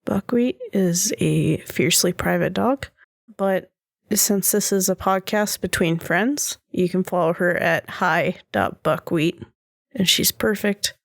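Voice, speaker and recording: A woman's voice: on the low side, slow, gravelly. Dry-humored woman podcast guest. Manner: dry, self-deprecating humor. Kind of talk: casual chat.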